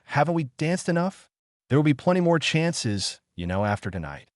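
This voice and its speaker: A man's voice: fairly high pitch, sing-song, moderate pace, no echo, studio quality, pitched above the performer's own voice. A man voicing a young prince who was once mocked and now stands up for those he cares about, read in an earnest, plain way. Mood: polite. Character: young male prince, formerly mocked, protective.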